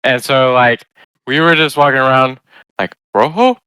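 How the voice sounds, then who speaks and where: A young man chatting casually on a podcast, giggly and loose, quick to joke. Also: medium pitch, fairly even intonation, sharp tone, clean tone, no room sound. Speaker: podcast co-host. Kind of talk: casual storytelling chat.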